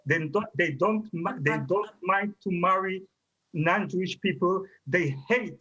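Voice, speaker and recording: Blunt rabbi, higher voice, dull feed. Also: male voice, measured pace, sharp tone, slightly rough. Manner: blunt, emphatic short declarations. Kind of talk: heated televised debate.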